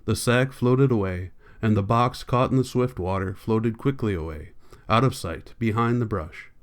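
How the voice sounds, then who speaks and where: A man reading a novel aloud as an audiobook narrator, in a plain, unhurried manner, lightly voicing the characters' lines. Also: on the low side, clear, resonant tone. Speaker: audiobook reader.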